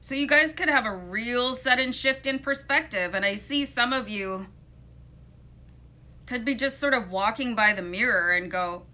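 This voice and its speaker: A woman's voice: fairly high pitch, bright, forceful tone. A woman giving a casual, chatty tarot reading, informal and playful, with frequent fillers and asides. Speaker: tarot reader.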